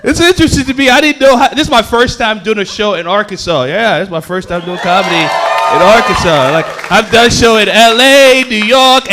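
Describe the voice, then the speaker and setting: A male stand-up comedian from Houston, Texas, performs a set on a comedy club stage before a live audience, his voice high and animated. He tells stories with acted-out voices, and there's a slight hiss or hum in the audio.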